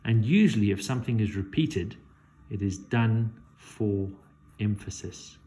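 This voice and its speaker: A man teaching a poetry lesson, measured and thinking aloud as he works through a poem. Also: fairly low pitch, mellow, a little hiss or hum.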